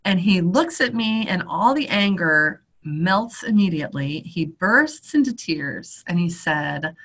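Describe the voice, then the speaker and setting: Woman, middle-aged, fairly low voice, spiritual talk, storytelling, conversational, unhurried. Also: animated, a bit bright, slightly rough. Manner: conversational, unhurried, with fillers and restarts. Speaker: religious sister and teacher.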